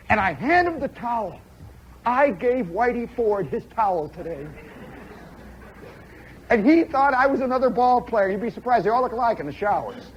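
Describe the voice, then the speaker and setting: A man from the Chicago area telling a story live on the radio, animated and conversational, with frequent "see?" and "you know" asides, from a muffled 1960s broadcast recording. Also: very high voice, moderate pace, a little hiss or hum.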